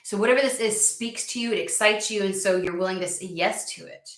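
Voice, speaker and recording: A woman giving a casual tarot reading, excitable and profane, who argues back at the cards she draws. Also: mid-range voice, fairly quick, echoey room, far from the mic. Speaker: tarot reader.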